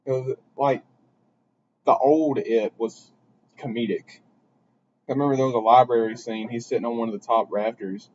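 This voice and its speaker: A young man co-hosting a podcast, talking in a quiet, laid-back casual way. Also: mid-range voice, steady tone, normal speed, pauses often. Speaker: podcast co-host. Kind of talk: casual chat. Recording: dull lo-fi sound with faint noise.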